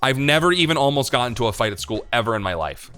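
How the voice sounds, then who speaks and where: A young man hosting a livestream, answering chat questions in rambling, confessional casual talk, swearing freely and filling pauses with "like" and "um.". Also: mid-range voice, expressive, pushed and bright, clear, resonant tone, soft background music.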